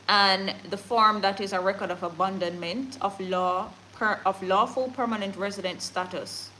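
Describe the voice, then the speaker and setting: Bright-voiced woman hosting casual news. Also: mid-range voice, a little hiss or hum, rough recording. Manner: reads items then chats to viewers. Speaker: news show host. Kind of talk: casual news reading with asides.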